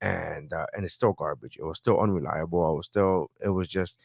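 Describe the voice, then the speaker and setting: Animated man ranting about his internet. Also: deep voice, brisk, creaky, husky, dry recording, clean studio sound. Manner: animated storyteller, swears freely, acts out phone calls. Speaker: podcast co-host. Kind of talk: casual podcast chat.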